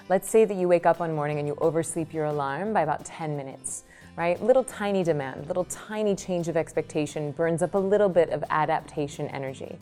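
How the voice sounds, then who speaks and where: Low-voiced woman explaining meditation. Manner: lively storytelling, quick asides. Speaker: meditation teacher. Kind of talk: interview answer, explaining.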